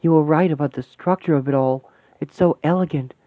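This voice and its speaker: A man's voice: fairly high pitch, fairly quick, no room sound, close to an everyday voice. A man voicing a young woman mystic in a fan radio play, talking in breathless wonder and explaining mystic symbols. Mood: awed. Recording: tinny dry lo-fi sound.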